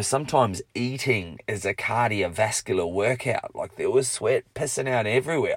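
A man's voice: fairly low pitch, dry recording. A man telling a personal story in a candid, profane, self-mocking way. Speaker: speaker.

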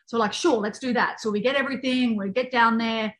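A woman guest chatting casually and telling a travel story, laughing easily between quick asides. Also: fairly high pitch, fairly even intonation, fairly bright tone, low-quality recording. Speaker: guest, author and fitness program creator. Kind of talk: casual storytelling in a podcast chat.

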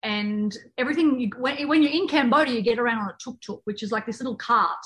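A woman guest chatting casually and telling a travel story, laughing easily between quick asides. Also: on the high side, a bit bright, rough recording. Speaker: guest, author and fitness program creator. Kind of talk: casual storytelling in a podcast chat.

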